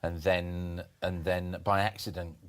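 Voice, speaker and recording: A man in his fifties telling stories on a podcast, animated, with many restarts and bursts of laughter. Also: low-pitched, measured pace. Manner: animated anecdote-telling, jumps into comic voices for quoted people. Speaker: podcast guest, former performance poet. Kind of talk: casual storytelling chat.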